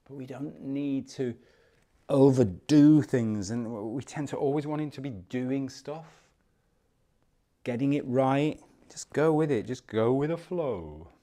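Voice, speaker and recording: A man guides a morning movement class in a steady, mid-pitched voice. He cues each step calmly and unhurriedly with soft encouragement, moving nearer to and farther from the mic as he demonstrates.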